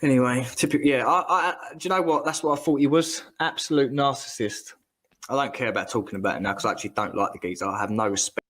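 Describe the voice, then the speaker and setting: A man, ranting in casual chat, animated and slangy and repeating himself. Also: medium pitch, fast talker.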